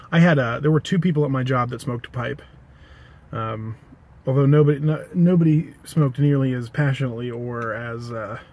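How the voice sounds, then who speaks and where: A man's voice: medium pitch, darkish tone, dull audio. A man casually telling an anecdote to the camera, rambling, correcting himself and adding dry asides. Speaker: pipe-smoking vlogger.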